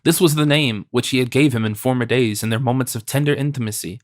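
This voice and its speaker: A man narrating an audiobook in a steady, even reading. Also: mid-range voice, fast talker, few pauses, no echo, studio quality. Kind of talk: scripted narration.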